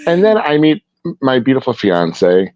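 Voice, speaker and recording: A man's voice: mid-range voice, wildly swooping pitch, a little slow, a little hiss or hum. A man, a guest artist, chatting in an interview and telling rambling stories full of restarts. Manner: rambling, warm storytelling with restarts. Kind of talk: casual interview chat. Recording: dull, dry lo-fi sound.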